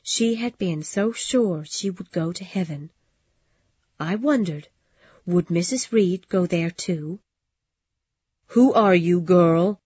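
A woman reads a story aloud in a calm, measured way, her voice husky and fairly low. The recording is dry, close and dull, like a lo-fi home setup. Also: no room sound. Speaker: audiobook narrator. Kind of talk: scripted storybook narration.

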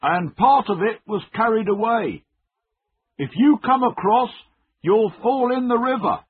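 A man voicing a frantic man who shouts a warning from a bridge, with a husky voice in a tinny recording. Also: sits high, unhurried, voice pushed up. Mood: alarmed. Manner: urgent, calling out loudly. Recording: tinny narrow-band recording.

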